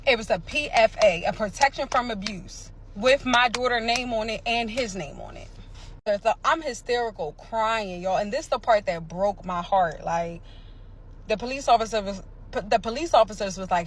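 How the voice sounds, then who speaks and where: A woman from the area, telling a dramatic personal story in a casual, animated way. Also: medium pitch, normal speed. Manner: animated, dramatic retelling with sound effects and quoted voices.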